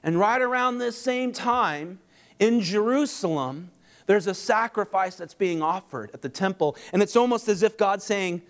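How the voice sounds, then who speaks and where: A man preaching a sermon, animated, with mocking humorous asides. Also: high-pitched, moderate pace, smooth. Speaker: pastor.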